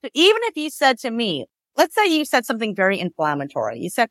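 A woman's voice: fairly high pitch, huge pitch swings, fast, hardly any pauses, no echo, clean studio sound. A woman divorce mediator in a conversational interview, explaining with acted-out examples and lots of "like" and "right?".

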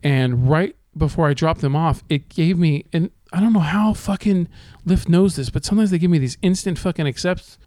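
A man's voice: on the high side, moderate pace, few pauses, mellow, dry recording. A man in casual podcast chat, telling rideshare driving stories with lots of swearing and laughter. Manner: profane, laughing storyteller.

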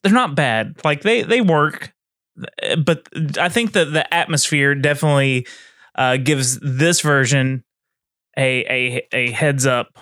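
A man co-hosting a casual game review podcast, talking in an animated, rambling way. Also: on the high side, no room sound, studio quality. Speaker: podcast co-host.

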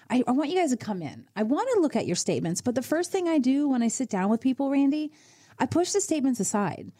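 On her radio program, a financial advisor with a warm, mid-range voice offers advice. Her coaching of listeners is direct and conversational.

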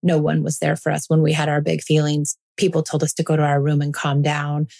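A woman's voice: low-pitched, completely flat delivery, brisk, gravelly, a little mellow. A woman in her forties hosting a parenting podcast, talking listeners through her ideas in an earnest, reassuring monologue.

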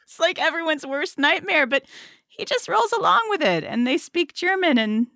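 A middle-aged woman interviewing an author about his book, animated and laughing often as she talks. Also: high voice, moderate pace, gravelly, dry recording, clean studio sound.

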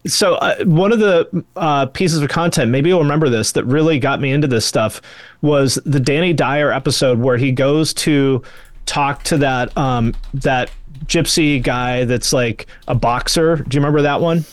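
An American man hosting a podcast in casual chat, easygoing and quick to agree. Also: mid-range voice, dry recording. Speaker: podcast host.

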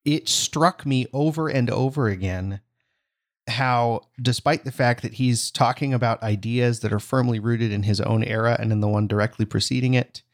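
A man hosting a casual book-club podcast, playful and quick to laugh. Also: mid-range voice. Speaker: podcast host.

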